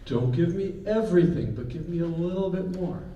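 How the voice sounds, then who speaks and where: A man's voice: sits high, a little fast, dark tone, highs cut off, slight background noise. A man coaching a vocal group, counting in and singing short example phrases. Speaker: vocal clinician. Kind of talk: choir coaching. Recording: echoey room, mic far off.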